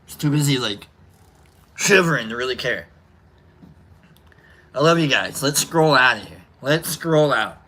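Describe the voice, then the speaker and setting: A man's voice: mid-range voice, expressive, measured pace, long pauses, bright, forceful tone. A man hosting a casual livestream, rambling and joking with lots of fillers and restarts as he reads out names to say goodbye. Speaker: livestream host. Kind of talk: casual livestream sign-off reading chat names. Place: indoor room.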